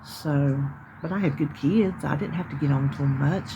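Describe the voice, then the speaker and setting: A woman's voice: low-pitched, moderate pace, muffled recording, noisy background. A middle-aged woman with a Southern US accent, chatting casually to her viewers in a rambling, folksy way, sitting outside in her yard. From North Carolina, US. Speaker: vlogger. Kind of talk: casual chat. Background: birds chirping.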